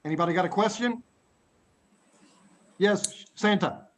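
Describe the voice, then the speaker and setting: An animated middle-aged male teacher telling a dramatic story to a class over a video call. His voice sits fairly high for a man, and he leans into the drama, often chuckling. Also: a little slow, slight background noise. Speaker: English teacher. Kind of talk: storytelling lesson to children.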